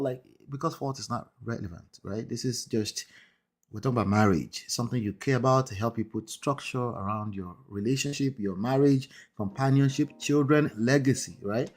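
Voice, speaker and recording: Hosting a live marriage-coaching stream, a man with a non-native English accent talks conversationally, frequently checking in with "right?" and "okay?". His voice is mid-range at a normal speed.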